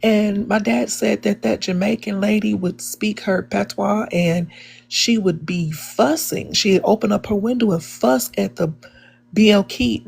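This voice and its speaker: Woman, live debate speaker, raspy and fry-edged, earnest, halting. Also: medium pitch, darkish tone. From Chicago, USA. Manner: earnest, many fillers and restarts. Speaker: debate participant. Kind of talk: live online debate, personal storytelling.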